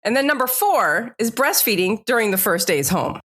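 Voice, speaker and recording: A woman's voice: on the high side, sing-song, moderate pace, a bit bright. A woman co-hosting a podcast in casual, chatty talk, laughing off her own slips. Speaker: podcast co-host.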